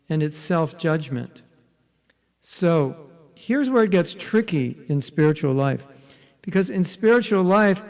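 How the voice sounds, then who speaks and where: With a fairly high, slightly mellow voice echoing in a big room, a man guides an interactive spiritual workshop. He keeps it conversational, frequently checking in with his audience.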